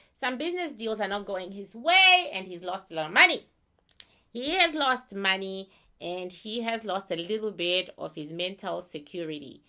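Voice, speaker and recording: A woman's voice: medium pitch, creaky, pushed and bright. A woman giving a casual spiritual reading to camera, talking bluntly and irreverently with laughing asides. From Canada. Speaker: psychic reader.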